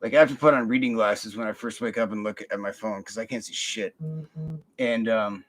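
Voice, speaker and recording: A man's voice: lowish voice, fairly even intonation, a little fast, fairly bright tone, rough recording. A middle-aged man, telling rambling, profane stories on his podcast and laughing often. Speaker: podcast host. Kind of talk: casual storytelling monologue.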